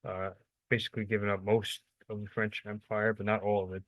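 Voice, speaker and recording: A young man talks through a history lesson in a loose, unscripted way, stumbling over words and correcting himself as he goes. His voice sits low and stays fairly flat in pitch. The recording is dry, with no room sound. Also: no room sound, low-quality recording. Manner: rambling and informal, many fillers and self-corrections, quick asides. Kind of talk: casual unscripted lecture.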